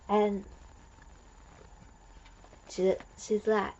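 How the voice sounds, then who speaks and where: A woman talks through a fan review in an unhurried, rambling way, full of fillers and excited restarts. Her voice sits at an ordinary middle pitch for a woman. The recording is muffled and lo-fi. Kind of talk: casual episode recap.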